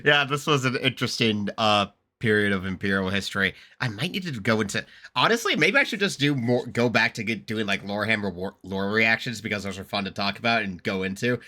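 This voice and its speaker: Excitable, sharp-voiced man rambling through a reaction. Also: fairly low pitch, a little fast, hardly any pauses. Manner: rambling, excitable, swears freely and laughs often. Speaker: host reacting to a video. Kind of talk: casual reaction commentary.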